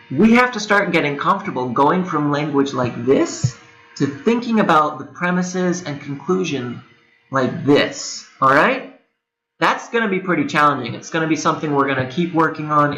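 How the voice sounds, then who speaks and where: A man's voice: fairly high pitch, pushed and bright. A young man teaching a recorded lecture, explaining things conversationally with playful asides. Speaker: instructor. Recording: echoey room with machine whirr.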